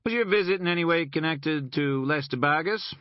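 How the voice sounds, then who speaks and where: A man's voice: a little high, fairly quick, no echo, pitched above the performer's own voice, lightly acted. A man voicing a smug, sarcastic male federal agent with pompous, mocking politeness in an audiobook. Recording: dull lo-fi recording.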